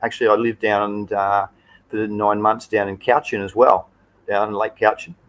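An Australian livestream host with a fairly low voice chats casually and fairly quickly with his viewers, loose and rambling, full of filler and friendly asides. His manner is easygoing, and the recording is rough.

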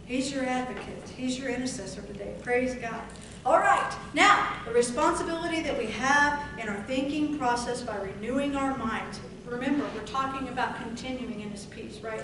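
High-voiced woman preaching fervently in an echoey hall. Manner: fervent, drawn-out emphatic scripture reading. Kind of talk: sermon. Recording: echoey room from far off, noisy.

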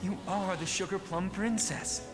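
An earnest, loyal young nutcracker prince with a British accent in an animated film. He speaks calmly and sincerely in a slightly high voice. Clear film music sits underneath. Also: unhurried. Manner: calm, sincere.

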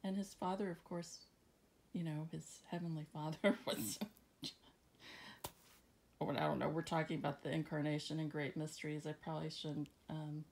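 A woman reading scripture aloud at home, then musing about it casually with fillers and soft laughs. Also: sits low, level tone, moderate pace, creaky, long pauses, slight background noise. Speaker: Bible reading channel host. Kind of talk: casual Bible reading and reflection.

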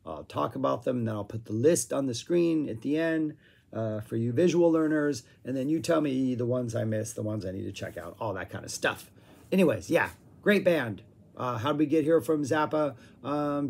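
A man casually talking through his favorite songs, with frequent fillers and a voice that is going hoarse. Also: mid-range voice, expressive, normal speed, a little mellow. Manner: rambling, filler-heavy, hums guitar riffs. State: losing his voice, clearing throat. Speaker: music review vlogger. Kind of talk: casual chat.

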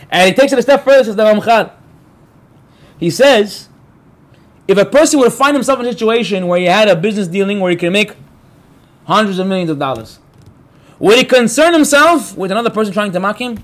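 A rabbi giving a spirited Torah class, his voice pitched high for a man and swinging widely up and down. He tells stories with gusto, acts out the people in them and turns to the room with quick questions. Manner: animated storyteller, acts out quotes; talks to the room, asks the listeners. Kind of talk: Torah class talk to a live group.

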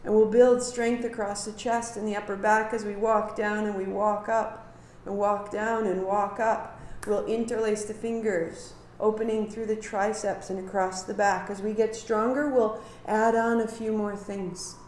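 A woman teaching a live yoga class, giving calm cues and then talking through a story in a lively way. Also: mid-range voice, measured pace, reverberant, a little hiss or hum. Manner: calm guiding cues, then animated storytelling with acted quotes.

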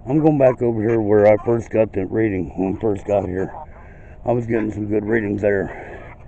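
A man's voice: fairly low pitch, normal speed, warm tone, dull audio, a little hiss or hum. Casual ghost-hunting vlogger man outdoors. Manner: calls out to spirits in a raised voice. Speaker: paranormal investigator vlogger. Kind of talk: casual vlog chat with spirit calling. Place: outdoor cemetery.

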